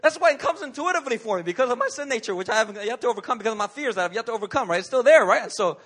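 A man with a fairly high voice preaching a casual, story-driven sermon in a church. He talks in a conversational way, acts out little scenes and laughs along the way. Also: lively intonation, rapid-fire, fairly bright tone. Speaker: pastor.

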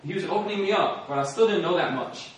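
A man's voice: sits high, quick pace. A young man giving an earnest testimony sermon, telling his story and acting out his prayers with laughs. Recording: echoey hall from far off.

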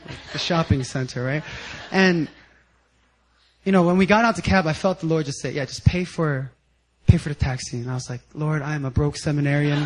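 A young male pastor with a high, light voice preaches to his congregation. He tells the story in an animated, conversational way and laughs easily between points. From United States. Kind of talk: sermon.

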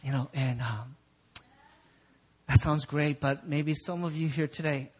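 A man's voice: a little high, steady tone, a little slow, pauses often, darkish tone, slightly rough. A Korean-born male pastor preaching a sermon, telling a childhood story and acting out its scenes with big swings in voice. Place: church sanctuary.

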